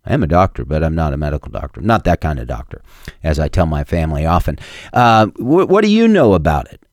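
A man's voice: rumbling low, big pitch swings, quick pace, dry recording. A male talk radio host delivering an emphatic, repetitive monologue into a studio microphone. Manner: emphatic and repetitive, mocking opponents in quoted voices.

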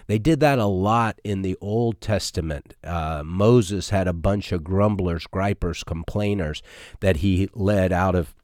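A man's voice: low-pitched, unhurried, darkish tone, dry recording, studio quality. A middle-aged male pastor preaching a sermon in a conversational, folksy way with many fillers.

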